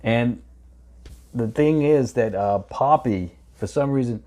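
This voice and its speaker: A man hosting a casual watch-along chat, with a warm, mellow tone. He rambles a little, stopping on fillers and restarts as he answers viewers. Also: mid-range voice, slow. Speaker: reaction channel host.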